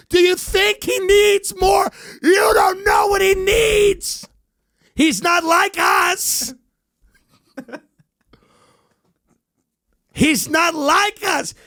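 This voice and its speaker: Guy putting on a bitter broke dad fan, ranting loud and high, dry close mic. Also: no echo. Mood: shouting. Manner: escalating unhinged rant, shouting. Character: broke bitter middle-aged father, devoted fan.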